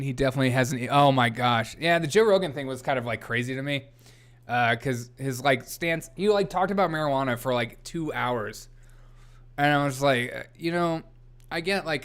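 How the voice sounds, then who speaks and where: A man's voice: medium pitch, a bit bright, clean tone. A man hosting a casual comedy news livestream, rambling, laughing often and reading chat aloud. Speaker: host.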